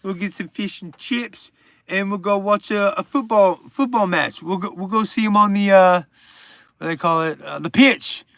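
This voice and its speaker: A man putting on a deliberately bad British accent as a brash bloke heading to the pub. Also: fairly high pitch, expressive, creaky, bright, forceful tone, dry recording, exaggerated voice. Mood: cheeky.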